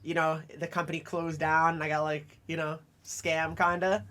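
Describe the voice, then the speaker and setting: A young man co-hosting a casual podcast, chatty and quick, often laughing. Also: on the high side, flat delivery, pushed and bright. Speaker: podcast co-host.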